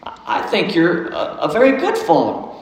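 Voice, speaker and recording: Man putting on a gentle high little girl, hesitant, echoey hall. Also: wildly swooping pitch, unhurried, distant mic, full character voice. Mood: kind. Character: kind curious young girl. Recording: echoey hall, faint noise.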